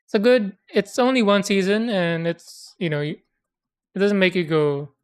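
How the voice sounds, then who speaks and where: A woman's voice: lowish voice, normal speed. A woman in casual chat who rambles, hesitates and corrects herself as she talks. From immigrant to America.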